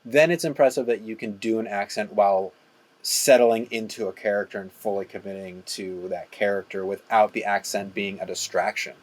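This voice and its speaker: A podcast co-host in casual chat, talking with quick, agreeable enthusiasm. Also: low-pitched, steady tone.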